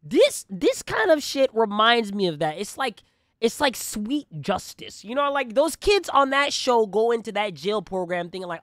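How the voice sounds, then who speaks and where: A young man hosting a reaction channel, chatting casually and excitedly with lots of slang and swearing. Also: sits high, normal speed, no room sound, clean studio sound. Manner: slangy, animated, swears often.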